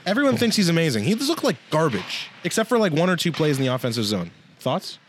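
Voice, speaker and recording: A man hosts a podcast at a rapid clip, his voice swinging widely as he teases and quizzes a guest. Faint room noise hums underneath. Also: fairly high pitch, sing-song. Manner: teasing, quizzing questions. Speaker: podcast host. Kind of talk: casual podcast chat.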